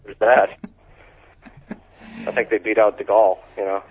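A man co-hosting a podcast, deadpan and sardonic in casual banter. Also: on the low side, normal speed. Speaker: podcast co-host. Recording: tinny phone-line sound.

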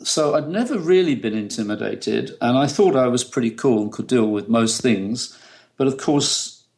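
A middle-aged photographer from the UK, interviewed, shares easygoing stories with frequent laughter. His voice sits at medium pitch, animated and a little mellow, moving at a moderate pace.

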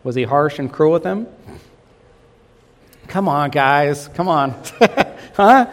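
A man's voice: on the high side, expressive, takes it slowly. A pastor preaching a sermon, asking his congregation questions and coaxing them to answer. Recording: long reverb of a hall.

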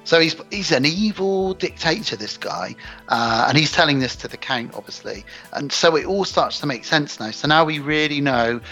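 A man's voice: on the high side, normal speed, faint music behind, rough recording. A man hosting a casual film discussion, retelling scenes and acting out the characters' lines. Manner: animated, acts out quoted lines in character. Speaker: podcast host.

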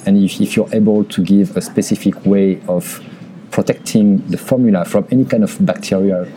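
Deep-voiced man with a French accent. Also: warm tone, a little hiss or hum, rough recording. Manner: earnest, halting, repeats words while searching for phrasing. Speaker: interview guest, cosmetics executive and pharmacist. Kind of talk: conversational interview.

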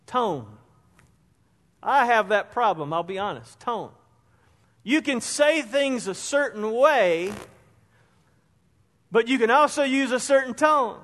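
A man's voice: very high-pitched, animated, takes it slowly, pauses often, a bit bright. A man preaching a conversational sermon as pastor, acting out everyday examples to make his points. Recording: long hall reverb.

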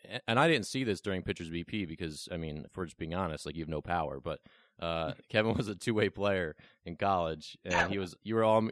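A man's voice: deep voice, no room sound. A young man hosting a casual podcast interview, teasing his guest with joking banter. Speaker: podcast host. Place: Bloomington, Illinois, remote call.

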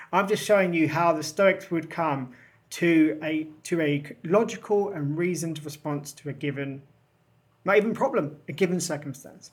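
A man, co-author of a book, talking in a casual discussion, animated and acting out the voices of critics. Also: on the high side, a little fast. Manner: animated, acts out quoted critics. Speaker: co-author guest.

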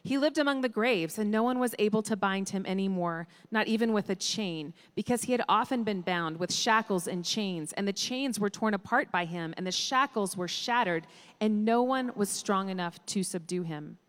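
A woman giving a steady, measured scripture reading. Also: medium pitch. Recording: echoey hall.

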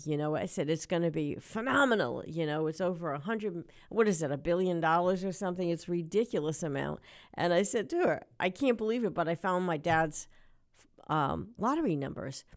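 Animated middle-aged woman radio host. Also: fairly low pitch. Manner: animated storytelling, ranting. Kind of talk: chatty radio talk.

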